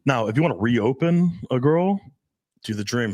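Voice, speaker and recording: A man in his thirties, a dating coach, telling crude stories in casual podcast talk and acting out the dialogue with big swings in pitch. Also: expressive, moderate pace, dry recording.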